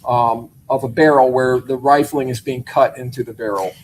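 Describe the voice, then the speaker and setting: A man questioning a witness in a courtroom, asking measured, methodical questions with occasional hesitations. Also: medium pitch, fairly even intonation, slight background noise, rough recording.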